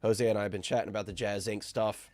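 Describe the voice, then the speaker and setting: A man hosting a live stream while sick, sounding nasal and stuffed up, upbeat and shouting out chat viewers. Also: on the low side, fairly even intonation, fast talker. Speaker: host.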